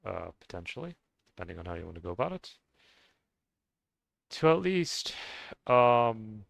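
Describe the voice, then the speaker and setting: A man's voice: fairly low pitch, sing-song, normal speed, creaky, a bit bright, dry recording. A man ranting casually to his viewers in a rambling way, with many restarts and fillers and frequent swearing. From United States. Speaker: vlogger. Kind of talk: casual rant to camera.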